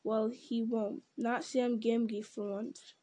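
A woman's voice: on the high side, level tone, slow, warm tone. A woman reading aloud and voicing a wary, stubborn male servant who mutters to himself. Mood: suspicious.

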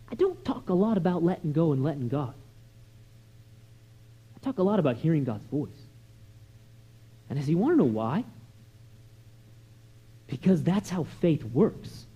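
A man preaching a sermon in a conversational, storytelling way, sliding from soft asides to loud, emphatic lines. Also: sits high. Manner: conversational storytelling with many "you know" and "right?" asides. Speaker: pastor.

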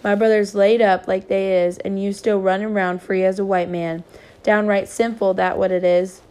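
A drunk, hateful man sputters out his threats, as a woman reading a storybook voices him. The delivery stays flat and level. The pitch sits mid-range. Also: normal speed, close to an everyday voice. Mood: sputtering. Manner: sputtering threats, shouted at the end.

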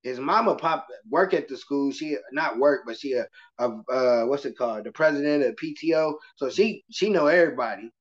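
A man who teaches kindergarten, speaking as a guest in a casual interview and telling stories with lively acted-out voices. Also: medium pitch, brisk, few pauses. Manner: animated storytelling, slips into voices of kids and adults. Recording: muffled lo-fi podcast audio.

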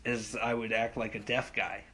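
A man's voice: on the low side, level tone, moderate pace, noisy background. A young man, a podcast guest, telling funny stories casually with lots of laughter and casual swearing. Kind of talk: casual comedic storytelling.

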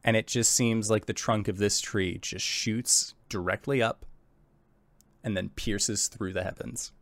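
Male game master, low gravelly voice, unhurried scene-setting narration. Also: no echo. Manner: relaxed descriptive narration with many fillers.

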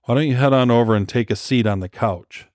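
A man voicing a quiet, firm, terse male operative in an audiobook. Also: medium pitch, fairly quick, no room sound, studio quality, lightly acted.

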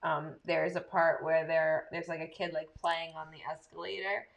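A woman's voice: sits low, little pitch movement, moderate pace, vocal fry. A woman co-hosting a casual podcast chat, blunt and casual, swearing freely. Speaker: podcast co-host.

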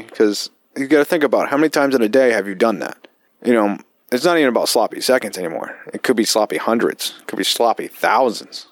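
Profane, rambling veteran podcast host. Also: male voice, medium pitch, animated, fast, no echo, clean studio sound. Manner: profane, rambling, with frequent fillers. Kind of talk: casual storytelling.

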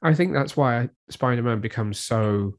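A man appearing as a guest on a comics podcast, who talks in a relaxed, enthusiastic way and describes panels in close detail. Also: medium pitch, moderate pace. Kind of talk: casual comics review chat.

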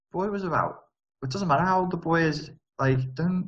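A man's voice: medium pitch, big pitch swings, fairly quick, muffled recording. A man hosting a live stream, reading viewer comments and answering them in a rambling, self-interrupting way with wry asides.

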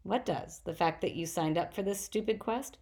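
A woman reading the questioning, sarcastic lines of a teenage boy hero in a storybook, in a low gravelly voice. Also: normal speed, darkish tone, natural voice. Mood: wry.

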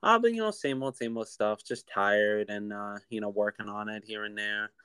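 A young man in his twenties co-hosting a podcast over a remote call, chatting in a relaxed, rambling way with lots of fillers. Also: fairly low pitch, normal speed, smooth, no room sound. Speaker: podcast co-host. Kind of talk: casual chat.

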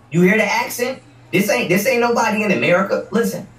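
A man's voice: high-pitched, fairly quick, a bit bright. A man hosting a livestream, ranting in a combative, profane way and repeating words as he hammers his points. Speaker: livestream host. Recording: echoey room, distant mic.

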